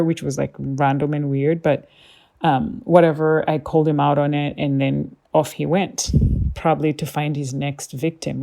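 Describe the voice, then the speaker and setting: A woman's voice: sits low, gravelly, dark tone. A woman hosting a podcast, telling a personal story in a chatty, casual way with lots of fillers. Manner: chatty, with many fillers and quoted asides. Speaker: podcast host.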